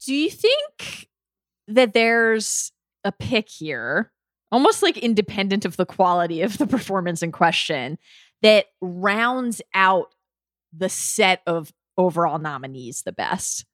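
A woman speaks slowly and deliberately while she weighs up a question in a casual chat. Her voice is dry and close to the mic. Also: medium pitch, sing-song, fairly bright tone, dry recording. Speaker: podcast guest.

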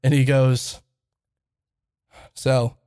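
A man's voice: mid-range voice, level tone, drawn-out words, warm tone, smooth. A man co-hosting a podcast, telling a story in casual chat, laughing often and swearing freely. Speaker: podcast co-host.

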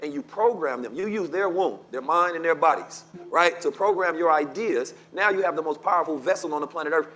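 Fast-talking man preaching in casual chat. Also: on the high side, a bit bright. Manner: preachy, emphatic, keeps asking "right?". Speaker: podcast co-host. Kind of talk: casual conversation.

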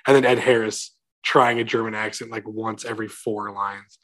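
A man's voice: lowish voice, fairly even intonation, normal speed, a bit bright. A man co-hosting a casual movie podcast, rambling and hesitant, full of "like" and restarts. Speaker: podcast co-host.

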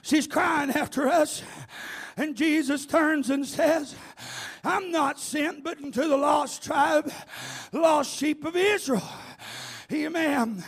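Revival preacher, high-pitched male voice, slow shouted delivery. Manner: shouting, chanting repeated phrases. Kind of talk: revival sermon.

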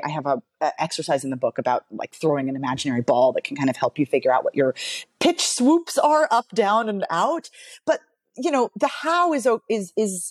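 A woman in her thirties, a voice coach and author, talking in a relaxed interview and telling stories with lively swings in pitch. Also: no echo. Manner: animated storytelling, wide pitch swings, expressive. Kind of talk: casual interview conversation.

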